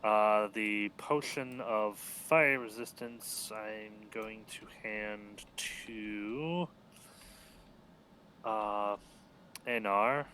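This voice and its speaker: A man's voice: fairly low pitch, drawn-out words, bright, forceful tone, a little hiss or hum. A man playing in a tabletop game, easygoing and chatty, with fillers between his words. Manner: easygoing, laughs often, fillers. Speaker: player. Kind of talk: casual tabletop chat.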